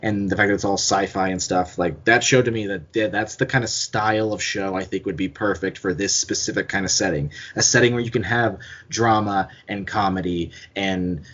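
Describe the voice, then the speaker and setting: A man's voice: low-pitched, steady tone, moderate pace, hardly any pauses, a bit bright, highs cut off. A man co-hosting a podcast, talking casually and rambling as he thinks aloud. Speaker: podcast co-host. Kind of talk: casual chat.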